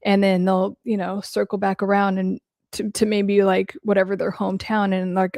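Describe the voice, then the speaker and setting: Woman host for a casual stream Q&A, blunt and chatty, some vocal fry, dry close sound. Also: mid-range voice, level tone, moderate pace, darkish tone, no echo. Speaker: host answering viewer questions. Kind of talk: casual livestream Q&A.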